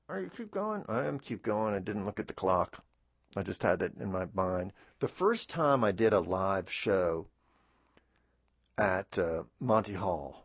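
A man's voice: fairly low pitch, no echo. A man hosting a radio talk show in a studio, rambling in a chatty, self-deprecating way with many fillers and restarts. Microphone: studio microphone.

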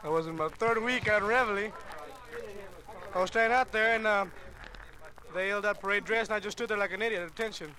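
Quick, bright-voiced male recruit. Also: high voice. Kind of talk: casual anecdote.

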